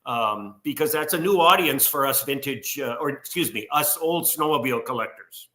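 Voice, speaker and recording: A man answering as a podcast guest, relaxed and hesitant, often repeating words. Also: mid-range voice, moderate pace. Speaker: guest collector. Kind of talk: casual interview answers.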